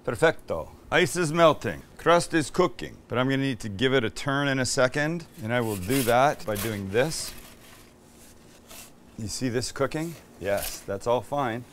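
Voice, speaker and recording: A man's voice: medium pitch, animated, unhurried, fairly bright tone, a little hiss or hum. A man hosting a casual cooking show, joking with his crew as he cooks.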